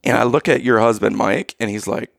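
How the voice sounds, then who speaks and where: A man co-hosting a podcast, telling a family road-trip story in casual chat, animated and rising to exasperated outbursts. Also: mid-range voice, a little fast, gravelly, slight background noise. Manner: animated, rising to loud exasperation when quoting himself. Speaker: podcast co-host.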